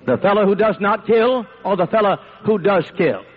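A man preaching a fiery sermon in a high, husky voice that swings widely in pitch. He hammers points home through repetition and rising shouts. The recording is dull and lo-fi. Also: animated, moderate pace.

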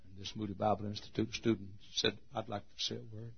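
A man preaching a sermon at a church service, booming into shouts and then dropping to a hush. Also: little pitch movement, quick pace, vocal fry, muffled recording. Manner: swings from loud shouted quotes to hushed low asides.

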